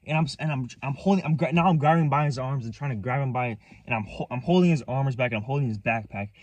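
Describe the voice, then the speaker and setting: A man's voice: mid-range voice, fast, darkish tone, no echo, recorded from a distance, highs cut off. A young man rambling through a story from his own life, restarting and repeating himself, set back from the mic. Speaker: vlogger. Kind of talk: casual storytelling.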